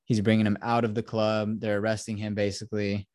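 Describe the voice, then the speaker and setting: A man's voice: on the low side, monotone, a little fast, a little mellow, dry recording, studio quality. A young man hosting a podcast, giving a rambling, profane retelling of a film plot in casual chat. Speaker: podcast host.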